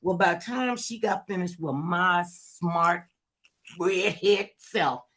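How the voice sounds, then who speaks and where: A woman hosting a casual talk show tells a lively story and acts out the voices of the people in it. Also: lowish voice, takes it slowly. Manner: animated, acts out quoted voices loudly.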